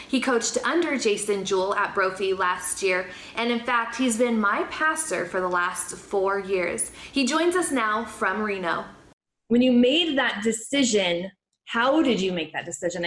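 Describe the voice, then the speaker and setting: A woman's voice: mid-range voice, fairly bright tone. Woman host in an echoey room. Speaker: sports show host. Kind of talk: interview hosting.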